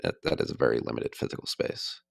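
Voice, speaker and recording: A man's voice: fast talker, no echo, studio quality. A man hosting a podcast in casual chat, wry and musing. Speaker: podcast host.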